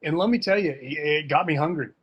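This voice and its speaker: A man's voice: a little high, quick pace, a bit bright, slightly rough, lo-fi sound. A man talking casually and emphatically as a fencing coach in an online workshop, full of slang. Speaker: fencing coach and guest speaker.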